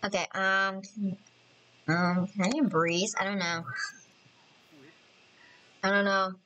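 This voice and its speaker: A woman hosting a casual let's-play commentary, chatty and excitable, often apologizing and thinking aloud as she plays. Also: mid-range voice, takes it slowly, a little hiss or hum, poor audio. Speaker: gaming channel host.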